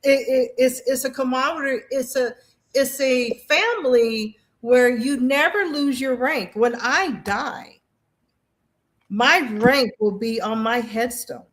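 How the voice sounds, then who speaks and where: A woman, a veteran guest, earnestly sharing personal stories in an animated way, often restarting her sentences. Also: sits high, takes it slowly. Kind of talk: casual personal storytelling.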